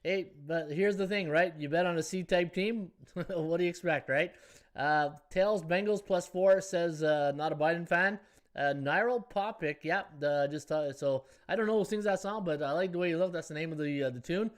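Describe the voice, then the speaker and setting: A man's voice: a little high, moderate pace. A middle-aged man hosting a sports betting live stream, chatting casually and rambling through viewer comments. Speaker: sports betting podcast host.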